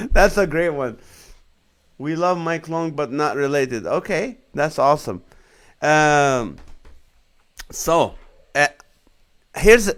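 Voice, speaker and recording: A man in his forties, a comedian hosting a casual live stream, reading viewer comments aloud and laughing along with their jokes. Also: fairly high pitch. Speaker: comedian and show host.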